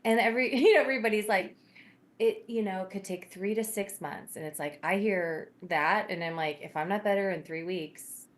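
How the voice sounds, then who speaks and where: A woman's voice: medium pitch, moderate pace. A woman who is a therapist, speaking as a guest in casual chat, candid and reflective.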